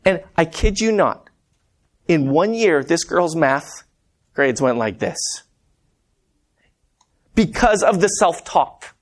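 A man's voice: a little high, lively intonation, slow pace, long pauses. Man preaching a chatty sermon. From Montana. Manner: conversational, anecdotal, addresses congregation as guys. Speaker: preacher and math teacher.

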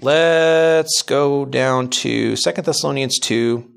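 A man's voice: medium pitch, takes it slowly, gravelly, clean tone. A man pastor giving a sermon teaching, chatty and anecdotal at first, then rising into emphatic, insistent preaching.

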